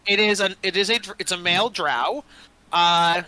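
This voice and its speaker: A man's voice: high voice, moderate pace, pushed and bright. A man narrating a tabletop game as dungeon master, playful and joking, with frequent "uh" fillers. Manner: playful, laughing, many "uh" fillers.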